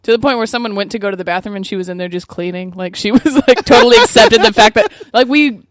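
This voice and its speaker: Telling a story in casual chat, a woman co-hosts a podcast, laughing often and swearing freely. Her voice sits at medium pitch and moves fast. The studio sound is clean, with no echo.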